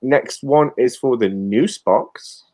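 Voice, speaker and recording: Male quiz host, mid pitch, reads quotes, upbeat. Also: takes it slowly, a little mellow. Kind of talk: casual quiz chat.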